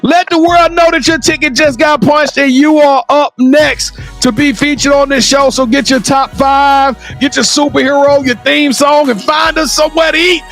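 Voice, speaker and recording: Male sports podcast host, very high voice with grit, loud and emphatic. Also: fairly even intonation, normal speed, vocal fry, hardly any pauses, soft background music. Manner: hype, emphatic, often shouting praise. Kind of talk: energetic sports show sign-off.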